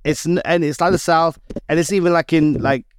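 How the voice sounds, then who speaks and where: A man co-hosting a podcast, talking in quick bursts with many restarts. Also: on the high side, fairly even intonation, no room sound, studio quality. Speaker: podcast co-host. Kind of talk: casual podcast chat.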